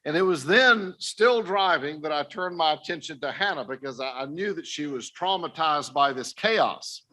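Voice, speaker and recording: A man's voice: fairly high pitch, lively intonation, moderate pace, bright, forceful tone. An older man giving an earnest personal testimony talk to a conference audience, speaking directly to his listeners. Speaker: missionary speaker. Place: conference stage.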